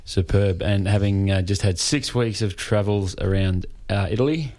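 Brief: low-voiced radio host, man from Australia, chatty and wordy. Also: moderate pace, darkish tone. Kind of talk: casual radio chat.

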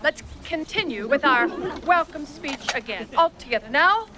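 Film clip: brisk, instructive park guide boss with a high, lively voice. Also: female voice. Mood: instructing. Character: bossy female theme park guide trainer.

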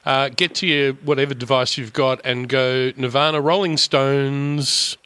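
A man's voice: medium pitch, steady tone, moderate pace, bright, forceful tone, smooth, no room sound. A man hosting a live radio show, playful and encouraging with his guest. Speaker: radio host.

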